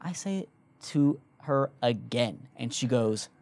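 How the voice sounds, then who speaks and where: A young man in casual chat, telling a story with lively energy and plenty of swearing. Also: medium pitch, unhurried, no echo. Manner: animated storytelling, swears freely.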